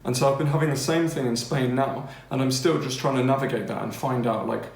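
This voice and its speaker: A man's voice: mid-range voice, a little fast, vocal fry, reverberant. A man with an English accent giving a casual spoken lesson and often checking in with his listeners. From England. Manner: chatty, keeps checking in with listeners. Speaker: language-learning teacher.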